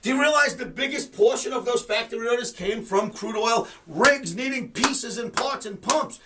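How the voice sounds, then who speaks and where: A man's voice: extremely high pitch, moderate pace, bright, forceful tone, distant mic. A man hosting a trading commentary show, fired up and ranting, mocking the people he disagrees with. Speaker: trading educator and show host. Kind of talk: market commentary webcast.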